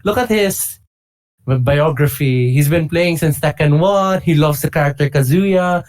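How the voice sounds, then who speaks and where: A man co-hosting a casual fighting-game chat, telling stories with excitable energy. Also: on the high side, a little slow. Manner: excitable, animated storytelling with bursts of shouting. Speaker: podcast co-host.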